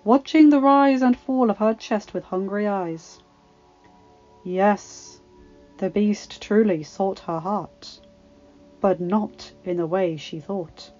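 A woman's voice: medium pitch, highs cut off. A woman narrating fan fiction aloud with dramatic expression. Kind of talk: storybook reading.

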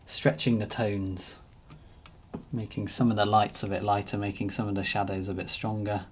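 A man narrating a painting demonstration as he works, relaxed and thinking aloud. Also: on the low side, normal speed, a little hiss or hum. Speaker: painting teacher.

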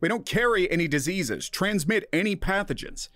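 A man voicing a determined male diplomat who projects forcefully, raised above his narrating voice. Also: fairly high pitch, measured pace, no echo, pitched above the performer's own voice. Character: determined male human diplomat under pressure.

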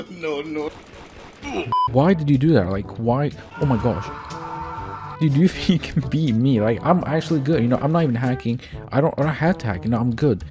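A young man doing casual gameplay commentary, rambling and full of fillers, excitable and profane as he trash-talks other players. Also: medium pitch. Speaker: gaming YouTuber.

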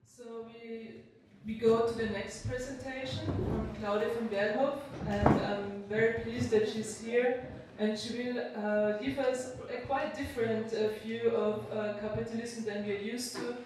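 A moderator introducing the next speaker, polite, with small filler pauses. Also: medium pitch, level tone, a little mellow. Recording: echoey hall from far off, faint noise.

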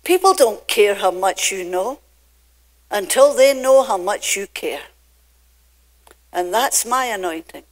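An older woman from Scotland with a Scottish accent, preaching a sermon from a church pulpit with emphatic, drawn-out phrases that swing between loud and soft. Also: medium pitch, lively intonation. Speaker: pastor.

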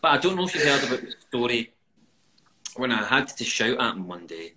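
A man, an actor guest chatting casually over a video call, an animated and self-deprecating storyteller. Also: mid-range voice, brisk, noisy background. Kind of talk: casual chat.

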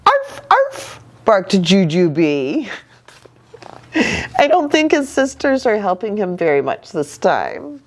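A woman pastor reading a picture book aloud to children, an animated and playful storyteller. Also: mid-range voice, slow.

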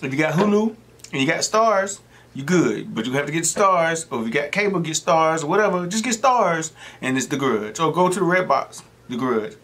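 A slightly high, somewhat bright male voice with lively intonation moves at a normal speed. He's a middle-aged man hosting an eating show, chatting loosely as he eats and wandering off into funny anecdotes.

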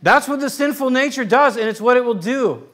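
A man with a notably high voice delivers a conversational sermon. He teaches informally and keeps checking in with the congregation as he explains. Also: expressive, fairly quick, fairly bright tone. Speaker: pastor.

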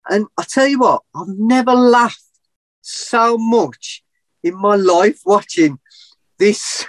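A middle-aged man telling a long story as a podcast guest, animated and rambling, often laughing at himself. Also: high-pitched, no echo. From England. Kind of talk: casual storytelling.

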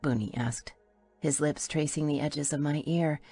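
Brief: woman, low-pitched voice, wry playful first-person audiobook narration, soft music underneath. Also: steady tone, unhurried, husky.

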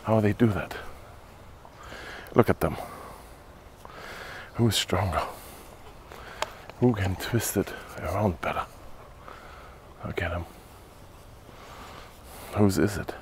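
A low-pitched man talks unhurriedly through a dog-training session outdoors. His voice moves up and down a lot as he switches between short firm commands and easy chatty asides. It sounds like a casual training vlog. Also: darkish tone, a little hiss or hum.

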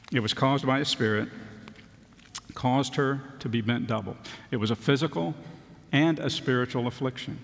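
A male pastor giving a sermon, reading scripture and then explaining it in a relaxed, conversational way with a little self-deprecating humor. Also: mid-range voice, gravelly. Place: church sanctuary. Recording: long church hall reverb.

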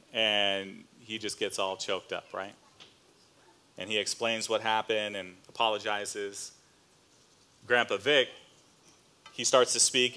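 A man pastor preaching a sermon as a relaxed, conversational story, with casual fillers and slang asides. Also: on the low side. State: choked up near the end.

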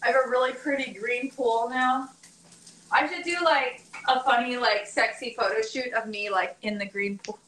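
A woman's voice: fairly high pitch, normal speed, a bit bright. Chatty woman in an echoey kitchen. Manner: chatty, rambling, laughs often. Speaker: vlogger doing a live stream. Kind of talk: casual live-stream chat while cooking. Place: home kitchen. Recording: echoey kitchen with dish clatter. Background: clinking cutlery and dishes.

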